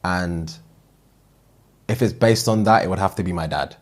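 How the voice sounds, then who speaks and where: A young man, co-hosting a casual podcast and talking things through in a measured, reflective way. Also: low-pitched. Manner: measured, reflective, many agreeing murmurs. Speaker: podcast co-host. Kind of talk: casual chat.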